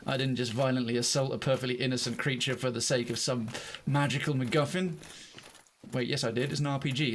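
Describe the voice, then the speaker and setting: Man, casual gameplay commentary, jokey, excitable outbursts, mid-range voice, faint noise. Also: mid-range voice. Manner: chatty, self-mocking, bursts of excitement. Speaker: streamer.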